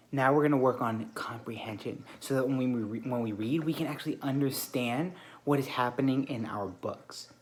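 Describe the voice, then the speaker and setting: Male teacher, calm and deliberate, praising kids at a classroom table, medium voice, faint room hum. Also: medium pitch. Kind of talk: classroom instruction to a small group of children.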